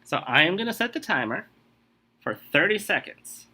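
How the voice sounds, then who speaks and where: Lively bright-voiced man hosting a quiz. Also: high-pitched, moderate pace, husky. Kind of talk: casual podcast quiz game.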